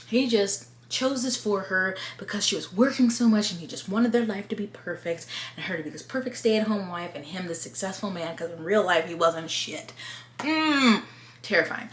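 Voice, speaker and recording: Chatty woman in an echoey room. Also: mid-range voice. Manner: chatty, rambling, filler-heavy. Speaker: video creator recapping a film. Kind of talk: casual chat. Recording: echoey room with faint hum.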